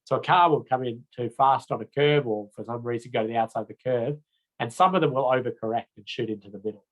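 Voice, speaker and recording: A man's voice: medium pitch, fast, rough recording. A man with an Australian accent giving a recorded road safety training lecture in a casual, chatty way, with many fillers and restarts.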